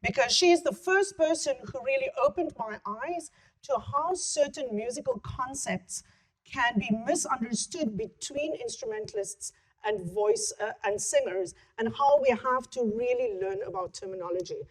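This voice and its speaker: Middle-aged woman, South African accent with some American vowels, lively keynote lecturer, slightly higher voice, clip-on mic. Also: normal speed. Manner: chatty, self-deprecating, joking asides. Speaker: keynote speaker and voice teacher. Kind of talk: conference lecture.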